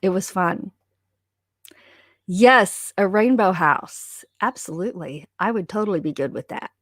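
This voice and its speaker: A woman's voice: medium pitch, animated, unhurried, dry recording, clean studio sound. A woman co-hosting a casual livestream from her home, chatting and reading viewer comments aloud. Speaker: livestream co-host.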